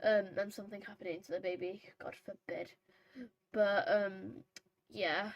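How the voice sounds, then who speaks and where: A woman's voice: medium pitch, steady tone, unhurried, dry recording, rough recording. A woman vlogging casually over horse role-play gameplay, rambling and chatty with many fillers and self-corrections. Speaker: gaming vlogger.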